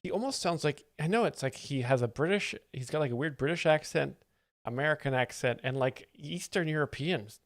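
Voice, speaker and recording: A man's voice: fairly high pitch, animated, a little fast, no room sound, studio quality. A man hosting a live stream, giving wry, chatty commentary on clips. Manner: wry, chatty, amused asides. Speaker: host explaining jokes. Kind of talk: casual reaction commentary.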